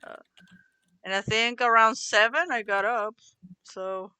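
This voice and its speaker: A young woman co-hosting a casual podcast, relaxed and swearing freely, often trailing off into laughs. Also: on the high side, unhurried, clean tone, dry recording. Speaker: podcast co-host. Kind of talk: casual chat.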